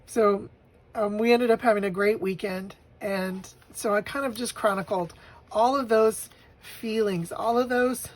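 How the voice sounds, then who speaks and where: A woman with a husky, slightly breathy voice talks through a memory as she works on a journal page. She is emotional and sometimes tearful, breaking into laughter as she recalls the moments. Her delivery is unscripted and personal, at a middling pitch. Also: unhurried, low-quality recording. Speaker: vlogger making a grief journal. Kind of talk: personal storytelling while crafting.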